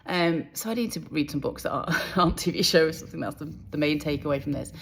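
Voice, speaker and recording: A woman's voice: sits low, fast, creaky, husky. A woman author talking casually to camera about books and TV casting, in a chatty, rambling way. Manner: chatty, rambling, self-deprecating. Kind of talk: casual vlog chat.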